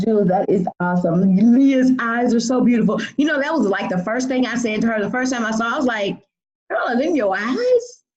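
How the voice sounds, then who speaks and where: A woman hosting a group coaching call, giving drawn-out, affirming praise to participants. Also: lowish voice, a little mellow, highs cut off. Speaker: program coach and host.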